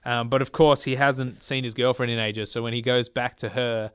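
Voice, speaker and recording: Smooth-voiced man recapping a movie. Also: medium pitch, fairly even intonation, moderate pace, a bit bright, dry recording. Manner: retells scenes with quoted voices. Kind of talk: casual movie discussion.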